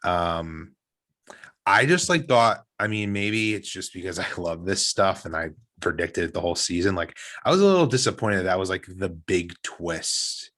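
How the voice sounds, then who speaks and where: A man's voice: deep voice, lively intonation, normal speed, a bit bright. A man co-hosting a podcast, talking casually and earnestly, rambling with restarts. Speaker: podcast co-host. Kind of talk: casual chat.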